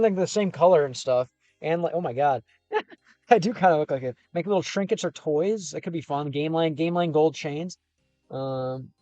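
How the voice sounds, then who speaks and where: A young man from Chicago talks in a slightly high voice, rambling loosely through viewer comments on a casual livestream from his car. His words sound close and dry, with soft music playing faintly underneath. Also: no echo, dull audio. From Chicago, United States. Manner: rambling and loose, with frequent fillers and restarts. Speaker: gaming and language streamer.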